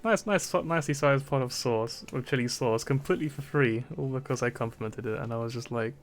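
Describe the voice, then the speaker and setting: A young man from Britain chats on a stream at a middle pitch. He rambles along, stumbling over repeated words and breaking into laughter. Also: brisk, slight background noise. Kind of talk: casual chat.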